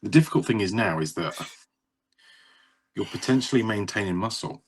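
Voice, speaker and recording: A man's voice: on the low side, expressive, moderate pace, slight background noise. A man co-hosting a podcast, bantering playfully and teasing his friend in casual chat. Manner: playful, teasing banter, sing-song greetings. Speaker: podcast co-host.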